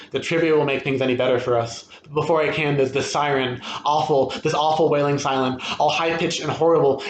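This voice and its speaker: Man, story reading, steady expressive delivery, echoey room, faint background ambience. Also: fairly high pitch, slight background noise. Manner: steady first-person storytelling, expressive at tense moments. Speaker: reader at a literary event. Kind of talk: reading a short story aloud.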